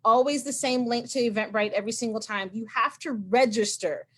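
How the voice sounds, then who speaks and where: Woman, host, somewhat high voice, casual storytelling, animated, acts out dialogue, video call. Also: fairly quick. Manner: chatty and animated, acting out quoted dialogue. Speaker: meeting host.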